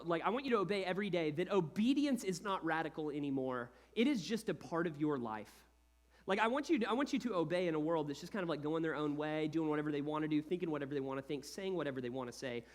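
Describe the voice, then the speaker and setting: A man in his thirties preaching a sermon as a pastor, in an animated, conversational style with lots of casual asides. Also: fairly high pitch.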